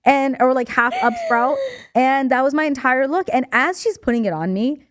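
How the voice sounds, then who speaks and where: A young woman co-hosting a podcast in a studio, telling a story in a lively way, acting out voices and laughing often. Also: high-pitched, moderate pace, no room sound. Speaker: podcast co-host. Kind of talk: casual chat.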